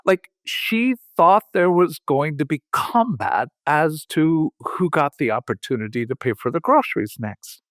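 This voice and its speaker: An older man talking slowly in a reflective conversation, halting and restarting, with sudden lifts in pitch. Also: animated, no room sound, clean studio sound. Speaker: podcast host.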